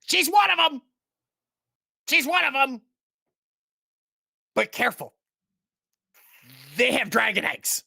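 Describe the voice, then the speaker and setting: A man's voice: very high voice, big pitch swings, takes it slowly, creaky, long pauses, pushed and bright, slightly rough, dry recording, studio quality, pitched above the performer's own voice, exaggerated voice. A man voicing a panicked male prisoner, desperate and frantic. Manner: frantic, pleading.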